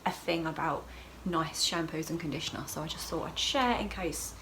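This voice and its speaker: A woman's voice: sits low, normal speed, a bit bright, slight background noise, poor audio. Chatty woman vlogging. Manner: chatty and rambling, with self-mocking asides. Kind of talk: casual vlog diary.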